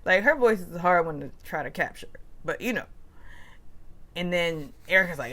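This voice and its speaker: Chatty, animated woman recapping gossip. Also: lowish voice, normal speed. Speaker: reality TV recap host. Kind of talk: casual commentary.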